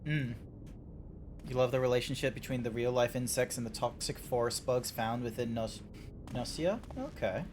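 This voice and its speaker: A man's voice: mid-range voice, a little hiss or hum. Rambling man streaming a game. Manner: rambling, animated, quick restarts. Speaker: streamer and host. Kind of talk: casual chat while streaming a game.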